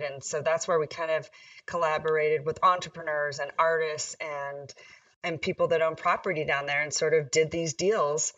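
A woman mayor from Nevada chatting in a casual interview, upbeat and quick to laugh. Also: low voice, a bit bright, no echo, distant mic, dull audio. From Nevada, USA.

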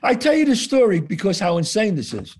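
A man's voice: high voice, big pitch swings, fairly quick, a little mellow, breathy edge. An older man telling his story as a podcast guest, acting out both sides of each conversation and swearing freely. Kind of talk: animated storytelling.

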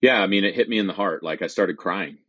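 A man's voice: low-pitched, fast, fairly bright tone, husky, no room sound, lo-fi sound. A man in his forties, a military veteran, telling his story candidly and acting out remembered conversations. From United States. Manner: earnest, candid, acts out quoted dialogue. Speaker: veteran guest. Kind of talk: personal storytelling.

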